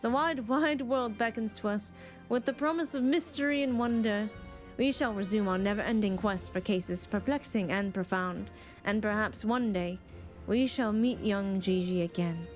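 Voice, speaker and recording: A woman voicing Hildibrand, a pompous, grandiloquent gentleman inspector who speaks theatrically, over faint game music. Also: mid-range voice, moderate pace, close to an everyday voice. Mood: grandiose. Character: pompous gallant gentleman inspector, male adult.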